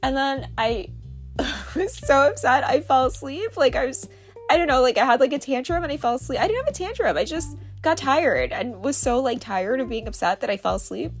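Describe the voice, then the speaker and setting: A woman's voice: high voice, lively intonation, normal speed, soft background music. A woman hosting a podcast, talking candidly in a rambling, casual way, full of fillers and little laughs. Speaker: podcast host. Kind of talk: casual confessional monologue. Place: on a boat.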